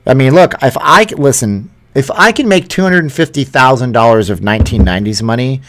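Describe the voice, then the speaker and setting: A man talks loosely to his live-stream viewers, joking as he reads their letters aloud. His talk is relaxed chat at a middling pitch. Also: fairly quick.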